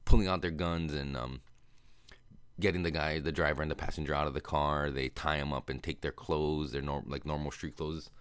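A man's voice: rumbling low, steady tone, smooth, no room sound. A man hosting a podcast, casually retelling a movie plot in a rambling way with fillers and swearing, sometimes acting out the characters' lines. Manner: acts out characters' lines in quick voices. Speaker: podcast host.

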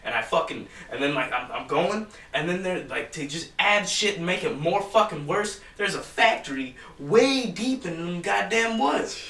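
A man's voice: high voice, lively intonation, normal speed, few pauses, pushed and bright. A young man telling a rambling, profanity-filled story in casual chat with friends. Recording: echoey room from far off.

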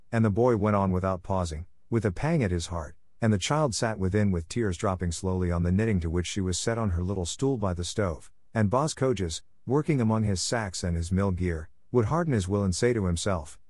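A man narrating a classic story as an audiobook, in a steady, measured reading. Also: low voice, no room sound.

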